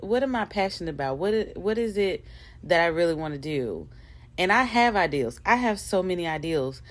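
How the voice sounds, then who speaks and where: A woman hosting her own podcast, talking casually and candidly to her listeners, rambling and laughing at herself. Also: fairly low pitch. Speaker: podcast host. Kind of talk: casual motivational monologue.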